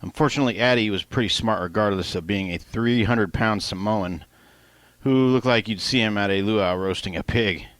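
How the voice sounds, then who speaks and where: A man reads his own first-person novel as an audiobook, his voice low and relaxed at normal speed, with offhand asides and the occasional swear word. The recording is dry and close, without any room sound.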